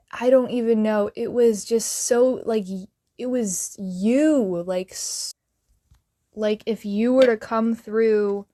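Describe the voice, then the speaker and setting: A woman's voice: fairly high pitch, a little mellow. A woman chatting casually about a dream, rambling with many fillers and laughing often. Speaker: friend sharing a dream. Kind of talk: casual emotional chat.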